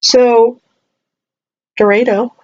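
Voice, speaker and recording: A woman chats her way through a haul video at home, unhurried and rambly, circling back and restarting her sentences. She may be coming down with a cold. The sound is dull and lo-fi. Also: on the high side, little pitch movement, a little mellow. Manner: rambly, chatty, lots of restarts and asides; playful voices when quoting herself. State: possible cold. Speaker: vlogger.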